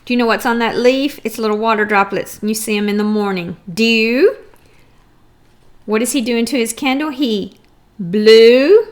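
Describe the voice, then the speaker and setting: A middle-aged woman teaching a first grade phonics lesson, patiently sounding out words and clearing her throat now and then. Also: on the high side, moderate pace. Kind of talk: recorded phonics lesson for young children.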